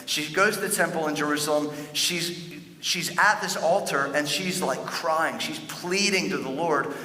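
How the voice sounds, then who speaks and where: A male pastor preaches in a relaxed storytelling manner, repeating and restarting his words as he goes. His voice is fairly high and bright, carried by the long reverb of a big church auditorium. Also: a little slow. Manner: conversational storytelling with frequent stuttered restarts. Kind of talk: sermon. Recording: echoey hall with long reverb.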